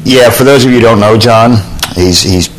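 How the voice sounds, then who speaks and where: A man's voice: mid-range voice, normal speed, slight background noise, rough recording. A man, a comedian guest, chatting in a dry, laid-back, matter-of-fact way. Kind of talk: casual interview chat.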